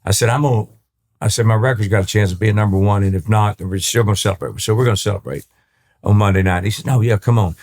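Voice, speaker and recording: Speaking quickly in a lowish voice, this older country singer from East Texas spins stories on a laid-back interview podcast. He performs the dialogue of each scene as he goes and often starts lines over.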